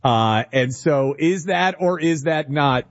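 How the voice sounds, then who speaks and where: A man's voice: a little high, expressive, slow pace, no echo, highs cut off. A man from Tennessee co-hosting a radio talk show, bantering casually and confessing his opinions with a joking edge.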